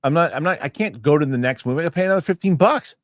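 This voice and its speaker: A man's voice: a little high, very fast, no room sound, clean studio sound. A man co-hosting a casual film podcast, telling stories with lots of swearing. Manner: animated storyteller, swears freely. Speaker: podcast co-host.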